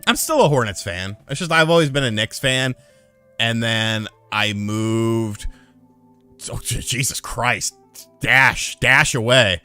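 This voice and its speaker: A man casually telling a profane story on a live stream, getting loud and heated when he retells a fight. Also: mid-range voice, slow pace, clean tone, faint music behind. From lived in North Carolina.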